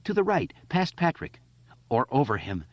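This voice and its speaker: A man's voice: mid-range voice, big pitch swings, moderate pace, no room sound, pitched above the performer's own voice. A man voicing a frail, anxious boy, reading in a slightly dull, lo-fi recording. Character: frail nervous boy, hardening.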